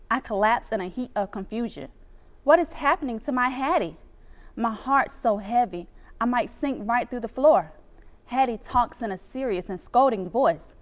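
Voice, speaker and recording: Woman narrating an expressive audiobook. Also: a little high. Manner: first-person, dramatic storytelling.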